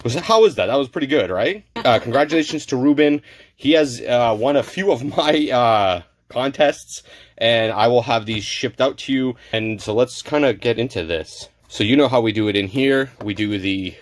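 A man's voice: mid-range voice, moderate pace, faint music behind. A man hosting a card-opening video, chatting casually and stumbling over names as he goes. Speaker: card-opening channel host. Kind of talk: casual unboxing chat.

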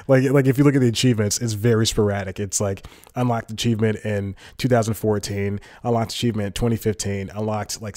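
Male podcast host, lowish voice, chatty and self-interrupting, dry room. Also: darkish tone, no echo. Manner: rambling, self-interrupting, laughs often. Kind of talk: casual solo comedy chat. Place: home room, talking to a camera.

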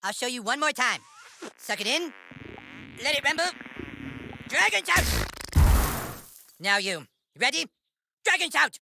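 A man's voice: very high-pitched, expressive, normal speed, creaky, long pauses, noisy background, exaggerated voice. An actor playing a crude, bossy young boy acting as a mock-solemn fantasy mentor in a video game. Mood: coaching. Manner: mock-solemn, foul-mouthed. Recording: game audio with loud music.

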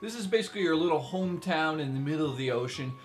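A man chatting through a video game review in a voice pitched a little above most men's. He gets excited and joking, throwing in big exaggerated asides. Soft music plays behind him. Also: quick pace.

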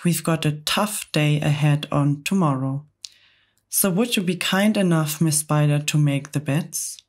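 An old, scornful storybook grasshopper, put on by a woman reading aloud. The speech is slow and low, with a dismissive edge. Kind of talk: ASMR book reading.

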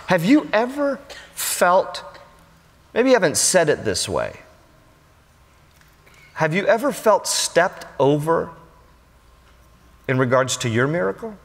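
A pastor preaching a sermon, his voice a touch higher than most men's. He tells stories in an animated way, and his words ring out into the long reverb of a church hall. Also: takes it slowly, creaky, pauses often. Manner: animated storytelling, acting out quoted voices. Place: large church sanctuary.

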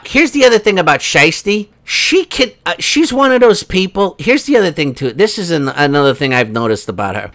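A man's voice: high voice, fairly bright tone. Rambling, sarcastic male commentator. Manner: rambling, sarcastic, lots of fillers. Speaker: host. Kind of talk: casual commentary.

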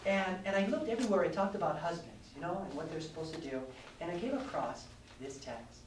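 A man in the middle of his life preaches to a conference crowd. He tells an honest, self-mocking story and stops now and then to speak to the listeners. The mic sits far off in a roomy hall, with steady noise underneath. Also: fairly high pitch, fairly quick. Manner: candid, self-mocking storytelling with audience asides. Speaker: pastor. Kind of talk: sermon. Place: large hall at a youth conference.

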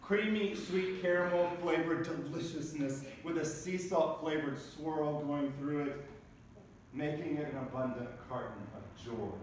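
A man preaching a sermon as pastor, telling funny everyday stories in a lively way. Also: a little high, measured pace, a little hiss or hum. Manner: humorous storytelling preacher. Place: large church sanctuary. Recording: echoey church recorded from a distance.

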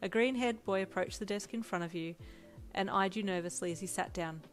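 A woman reading a second-person fanfiction story aloud in an even storytelling manner. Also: mid-range voice, fairly quick, soft background music. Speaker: fanfic reader.

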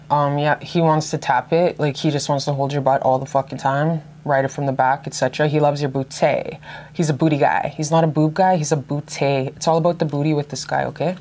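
A woman's voice: deep voice, steady tone, a little fast, mellow. A woman giving a casual tarot reading to camera, gushing and effusive, swearing freely. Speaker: tarot reader.

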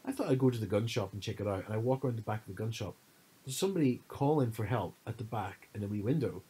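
Low husky guy, podcast co-host, rambling animated storyteller, casual chat. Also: quick pace, poor audio. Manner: animated storytelling, full of fillers.

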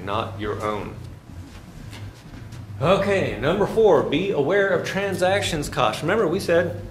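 Lively middle-aged male finance lecturer. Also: medium pitch, gravelly, slight background noise. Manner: lively, folksy storytelling with sound effects. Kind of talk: classroom lecture.

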